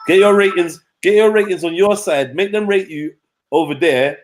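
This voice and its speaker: A man's voice: high voice, moderate pace, slight background noise. A man hosting a stream, joking and mocking in casual slang. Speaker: stream host. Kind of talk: casual reaction commentary.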